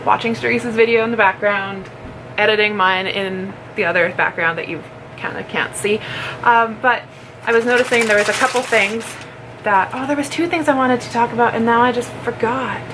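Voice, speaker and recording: A woman's voice: on the high side, moderate pace. A woman chatting casually in a home vlog, rambling and giggling while she snacks. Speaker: vlogger. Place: home, indoors. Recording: clear background noise.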